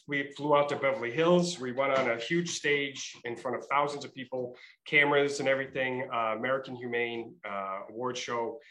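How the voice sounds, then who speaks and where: Brief: middle-aged man, New England accent, bright forward tone, chatty guest who tells stories. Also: medium pitch, reverberant, poor audio. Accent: Massachusetts and Rhode Island. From Massachusetts. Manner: chatty storyteller, many fillers and restarts. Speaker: state trooper, interview guest. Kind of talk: casual interview.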